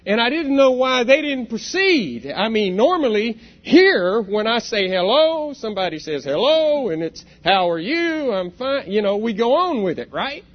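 An earnest preacher with a high-set voice, working through his points reflectively and putting rhetorical questions to the congregation. The man's sermon comes through on a dull, lo-fi recording. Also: big pitch swings, normal speed, hardly any pauses. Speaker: church elder preaching.

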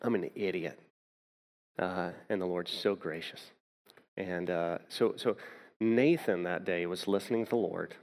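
Lower-voiced man preaching a sermon. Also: steady tone, a little slow, a little mellow. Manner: personal storytelling, repeats words when starting. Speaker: pastor.

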